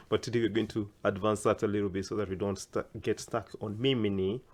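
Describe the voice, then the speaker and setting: A male language teacher drilling phrases slowly and carefully, stressing the rising pitch of questions. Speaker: Swahili teacher. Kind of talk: language lesson.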